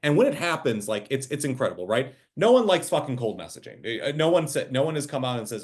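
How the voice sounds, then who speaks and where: Man, co-host, casual business chat, lively and loose, lots of "right?". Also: medium pitch, brisk. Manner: animated, many fillers and restarts.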